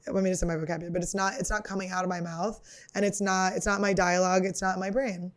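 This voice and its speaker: A woman's voice: lowish voice, level tone, quick pace. A woman in her thirties, a comedian hosting her podcast, talking in a rambling, profane, self-mocking monologue full of fillers. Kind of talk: casual confessional monologue.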